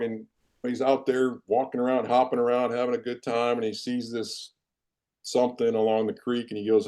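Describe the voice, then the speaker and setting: A man in his fifties from Iowa, a former football player and coach, telling animated, self-deprecating stories as a guest in a podcast interview. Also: mid-range voice, moderate pace. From Iowa, United States. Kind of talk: casual storytelling in a podcast interview.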